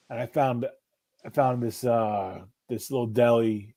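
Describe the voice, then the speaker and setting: A middle-aged man in easygoing conversation who rambles through a story. He swears casually and laughs often, at a middle pitch. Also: fairly even intonation, moderate pace, mellow, a little hiss or hum. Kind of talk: casual chat.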